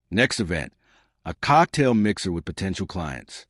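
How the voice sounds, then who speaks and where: A man narrating a scripted first-person story with wry, deadpan delivery. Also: deep voice, normal speed, no room sound, studio quality.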